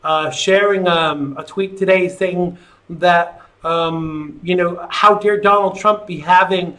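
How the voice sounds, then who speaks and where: Bright, rambling man hosting a call-in show. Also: sits high, steady tone, slow pace. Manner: rambling, reads chat comments aloud. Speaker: talk show host. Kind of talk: live call-in show chat.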